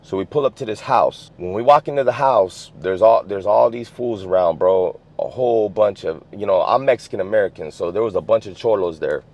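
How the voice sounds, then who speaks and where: A man's voice: on the low side, brisk, few pauses, a little mellow. A man from the US West Coast telling a story in casual, streetwise slang, swearing freely and filling with "you know what I'm saying". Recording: dull lo-fi sound.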